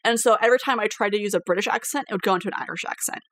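A woman hosting a podcast as game master, chatting casually, animated, swearing freely and laughing often. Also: mid-range voice, very fast, dry recording.

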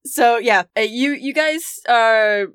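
A woman's voice: a little high, slow, a bit bright, smooth, no room sound, studio quality. A woman narrating a tabletop game as dungeon master, laid-back and full of fillers.

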